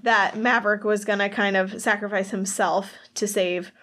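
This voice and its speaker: A woman's voice: mid-range voice, fairly even intonation, moderate pace, a bit bright. A woman co-hosting a podcast, chatting easily about a movie, laughing often and trailing off mid-thought. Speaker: podcast co-host. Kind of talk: casual movie chat.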